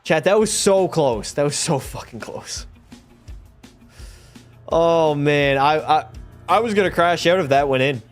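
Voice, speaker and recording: Excitable profane male game streamer. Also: on the high side, unhurried, pauses often, faint music behind. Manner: profane, excitable, talks to chat. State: tipsy. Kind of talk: live gameplay commentary.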